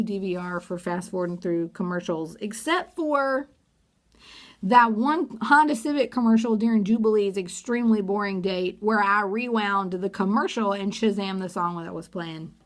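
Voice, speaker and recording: A woman giving a sarcastic, gossipy recap of a reality TV episode in a casual vlog. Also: medium pitch. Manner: sarcastic, gossipy, acts out quotes.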